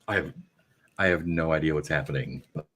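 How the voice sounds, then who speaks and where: A man's voice: very deep voice, brisk, a bit bright. A man playing in a tabletop game over a video call, talking hesitantly and repeating himself. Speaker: player.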